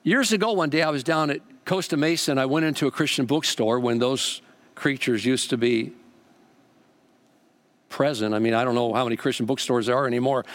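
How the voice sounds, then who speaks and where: A man preaching a sermon with a lively, repeating cadence and an easygoing storytelling manner. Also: mid-range voice, brisk. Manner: animated, repetitive preaching cadence. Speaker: pastor.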